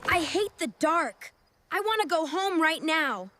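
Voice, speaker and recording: A woman voicing a timid little male fox cub who is scared of the dark, in a slow storybook reading with gasping, whimpering exclamations. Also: extremely high pitch, expressive, heavy background noise. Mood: frightened.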